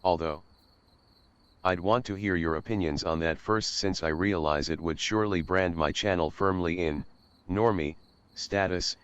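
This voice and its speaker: A man's voice: deep voice, steady tone, normal speed, fairly bright tone, clear, resonant tone, no room sound, highs cut off. A young man reading a scripted, earnest announcement about his channel as its host.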